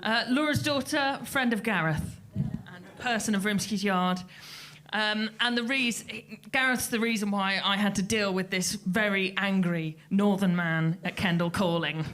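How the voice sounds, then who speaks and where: A woman telling a lively anecdote on stage, acting out the quotes as she goes. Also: medium pitch, unhurried. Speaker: festival crew member telling a story.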